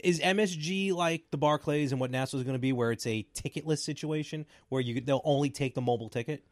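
A man co-hosting a casual talk show, chiming in with eager, quick reactions and questions. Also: on the high side, dry recording, clean studio sound. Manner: eager interjections.

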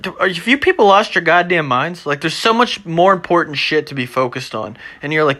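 A young man hosting his own show, ranting off the cuff with constant swearing, moving between low mumbles and loud agitated outbursts. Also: expressive, fairly quick, few pauses. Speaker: podcast host. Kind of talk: unscripted ranting monologue.

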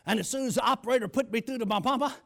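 A man preaching a storytelling sermon, shouting and slowing down for emphasis. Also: very high voice, creaky.

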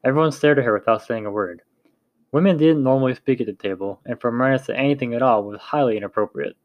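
A man's voice: medium pitch, quick pace, no room sound, highs cut off. A man narrating a novel aloud in a plain reading voice with small slips and restarts.

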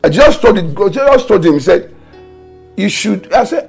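A man's voice: sits high, sing-song, normal speed, creaky, a little mellow, slightly rough, soft background music. A man pastor preaching an online morning prayer sermon, fervent, mixing tongues and repeated decrees with stories. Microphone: home camera setup for an online broadcast.

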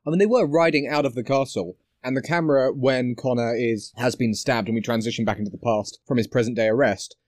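A man's voice: mid-range voice, fairly even intonation, a little fast, few pauses, darkish tone, no room sound. A man with a dry wit reasons aloud through a casual film podcast. His voice is recorded close and dead, with no room sound around it. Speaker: podcast co-host. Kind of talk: casual film-discussion chat.

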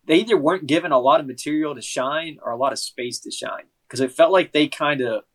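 A man's voice: fairly high pitch, brisk, fairly bright tone. Man explaining his view on a podcast. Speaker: podcast co-host. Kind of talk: casual movie-review chat.

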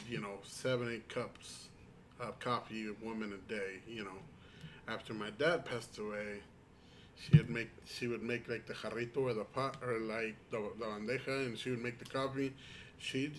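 A man's voice: mid-range voice, a little hiss or hum. A man with in his speech, telling stories in a rambling, casual chat with friends. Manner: rambling storyteller, many restarts and quoted asides.

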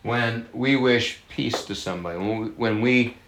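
A man preaching a sermon, lively and chatty with his congregation, slowing down to stress key words and laughing often. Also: mid-range voice, reverberant, slight background noise. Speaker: pastor.

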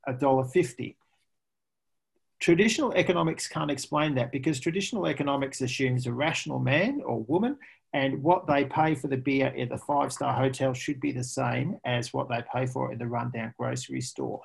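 A man being interviewed as a pricing expert, an animated storyteller who laughs often. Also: mid-range voice, fairly quick, creaky, husky. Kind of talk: conversational interview.

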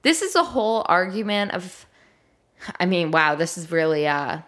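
A woman's voice: on the low side, expressive, moderate pace, a bit bright. Chatty, slightly nasal young woman. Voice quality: a little nasal. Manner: chatty, giggly, trails off mid-sentence. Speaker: podcast co-host. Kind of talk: casual podcast chat.

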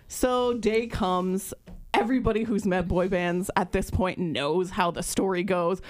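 A woman in her thirties co-hosts a podcast, speaking at medium pitch and an unhurried pace. In casual chat she tells an animated story, acting out the voices of the people in it.

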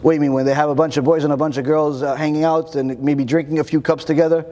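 A man delivers a Torah lecture to an audience, animated and packed with rhetorical questions, often repeating words as he hunts for the next one. His pitch is fairly high, he talks fast, and a long reverb tail trails his voice.

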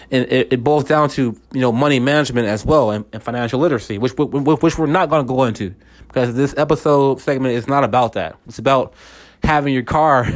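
A man hosting a podcast, talking through a casual faith monologue, repeating words and often checking in with listeners. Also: medium pitch. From United States. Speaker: podcast host.

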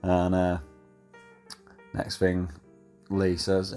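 A man tells a rambling night-out story in a voice message, his voice deep and held in a narrow range. He fills gaps with "uh" and keeps a cheeky, laddish tone, with faint music in the background. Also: level tone, moderate pace, darkish tone. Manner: chatty, laddish, full of fillers. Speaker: caller sending a voice message.

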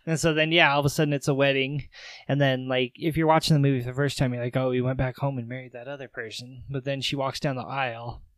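A podcast co-host with a mid-range, flat, slightly bright voice talks fast in a dry, echo-free recording. He recaps a movie in casual chat, acting out the characters' lines in raised voices and laughing often.

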